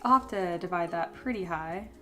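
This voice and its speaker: A young woman hosting a casual sculpting livestream, chatty and answering viewers, her voice a little rough as she recovers from being ill. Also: on the low side, moderate pace, bright, forceful tone, soft background music. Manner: chatty, reads chat aloud and answers. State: voice still recovering from illness.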